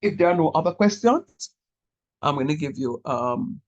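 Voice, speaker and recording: A man teaching a calculus class, encouraging his students and repeating key steps slowly so they follow. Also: fairly high pitch, sing-song, highs cut off. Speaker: calculus lecturer. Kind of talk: online math lecture.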